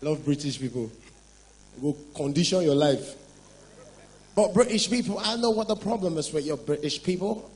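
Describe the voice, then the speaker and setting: Nigerian male stand-up comic, high-pitched, punchy storytelling in Pidgin and English. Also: expressive, moderate pace, pauses often, a little mellow, rough recording. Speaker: stand-up comedian. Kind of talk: stand-up comedy routine.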